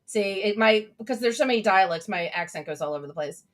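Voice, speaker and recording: A woman's voice: mid-range voice, expressive, fast talker, fairly bright tone. A young adult woman hosting a casual livestream chat, bubbly and enthusiastic as she reads out viewer comments. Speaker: host.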